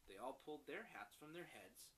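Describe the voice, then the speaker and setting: A father reading a picture book aloud to his young daughter, animated and stopping to explain words. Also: mid-range voice, brisk, slight background noise, rough recording.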